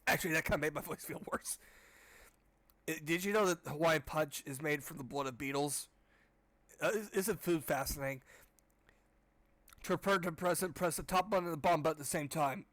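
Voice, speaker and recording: A nasal man reads a children's horror book aloud, constantly interrupting himself with sarcastic, crude commentary. His voice sits a little high. The recording is dry and close, with no room echo. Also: brisk, pauses often, a bit bright. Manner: sarcastic, profane asides. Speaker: audiobook reader. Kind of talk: casual reading with snarky commentary.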